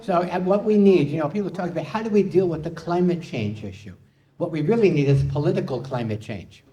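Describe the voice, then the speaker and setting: A man's voice: fairly high pitch, lively intonation, brisk, mellow. A man performing a live stand-up comedy set, delivering puns to an audience in a hall. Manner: punning, playful delivery with audience laughter.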